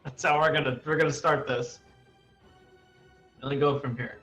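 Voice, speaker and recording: A man playing a tabletop game, excitable and quick to swear. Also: a little high, soft background music. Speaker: player.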